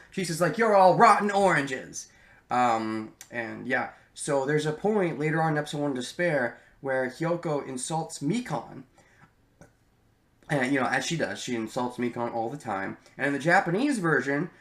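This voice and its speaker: A man of ordinary pitch gives a casual, unscripted spoken commentary, full of ums and restarts and free with a swear word. His voice carries a roomy echo, as if he is recording in a bare room. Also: a bit bright. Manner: rambling and candid, many ums, swears freely. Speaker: anime reaction youtuber.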